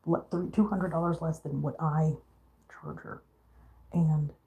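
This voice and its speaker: A woman's voice: sits low, warm tone, dull audio. A young woman venting on a casual vlog, frustrated and swearing freely as she mimics her roommate. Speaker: vlogger. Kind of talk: venting to camera.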